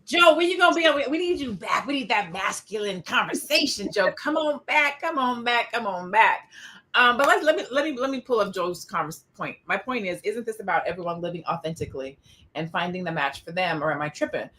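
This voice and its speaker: A woman hosting a casual panel discussion, animated and expressive, acting out quoted exchanges as she talks. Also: mid-range voice, a little fast. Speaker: podcast host.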